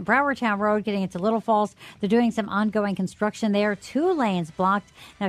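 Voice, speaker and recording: A woman giving radio traffic reports and chatting casually, brisk and chatty, on a studio microphone. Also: mid-range voice, no echo.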